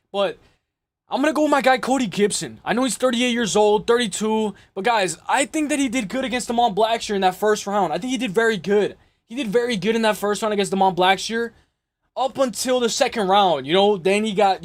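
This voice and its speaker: A young man with a high-pitched voice talks through upcoming fights in loose, casual chat. He rambles, circles back, repeats himself and swears freely, sounding excitable and unpolished. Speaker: MMA podcast host.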